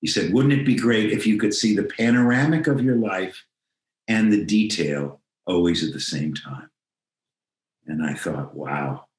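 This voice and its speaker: A man's voice: deep voice, a little slow. Older man telling a story, roomy video call. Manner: reflective, acts out quoted dialogue. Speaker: interview guest. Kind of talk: storytelling in a remote interview.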